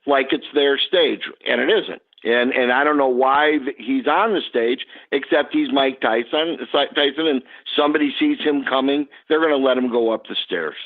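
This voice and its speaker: A man, a guest on the podcast, telling an animated story about his past work. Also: mid-range voice. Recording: tinny phone line.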